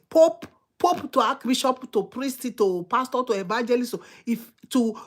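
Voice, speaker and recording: A woman with a Nigerian English accent preaching a sermon, emphatic and repetitive, swinging between loud exhortation and quiet asides. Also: on the high side.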